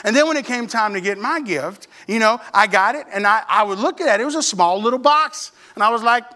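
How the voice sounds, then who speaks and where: High, bright-voiced animated preacher. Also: male voice, a little fast, hardly any pauses. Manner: animated, playful, speaks straight to the congregation. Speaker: pastor. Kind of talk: storytelling sermon.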